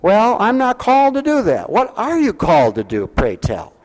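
Man, preacher, sermon, folksy, pastoral, soft asides to loud exhortation, raised pitch, long hall reverb. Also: wildly swooping pitch, normal speed. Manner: folksy and pastoral, speaks directly to listeners with call-and-response questions; swings between soft intimate asides and loud rising exhortation. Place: mission hall with a congregation.

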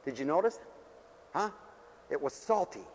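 Folksy high-voiced preacher in a hall. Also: male voice, animated, moderate pace. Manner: folksy and joking, rising to fervent hallelujahs. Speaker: pastor. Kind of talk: sermon. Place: mission church hall.

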